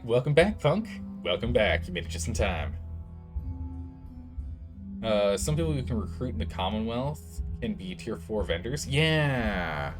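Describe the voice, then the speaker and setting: A man commenting on his game stream in a casual, rambling way. He drifts into asides and chuckles at what he sees. His voice sits slightly low. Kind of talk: let's play commentary.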